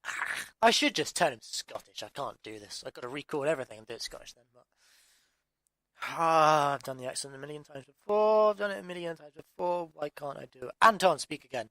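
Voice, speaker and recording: A man's voice: on the high side, brisk, pushed and bright, dry recording. A man from England, reading his own story aloud and muttering at himself through repeated restarts. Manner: exasperated self-talk with constant restarts. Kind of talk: audiobook narration outtakes.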